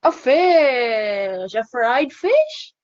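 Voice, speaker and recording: A woman's voice: sits high, wildly swooping pitch, very slow, muffled recording. A woman teaching an online phonics lesson to a child, cheerful and encouraging, laughing often.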